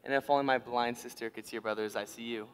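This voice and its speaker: A teen boy playing an earnest, slightly flustered young tribesman with a smooth, clear, mid-pitched voice. He declares his feelings in a school stage play. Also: fairly even intonation, racing, close to an everyday voice. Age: teens. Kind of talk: live stage acting.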